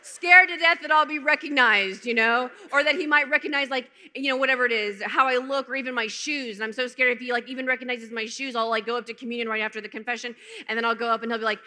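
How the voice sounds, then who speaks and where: This conference speaker, an American woman, tells her testimony to a large audience with humor, acting out what people said. She talks fast in a slightly high, sharp voice with fairly even intonation, and the big conference hall gives the audio long reverb.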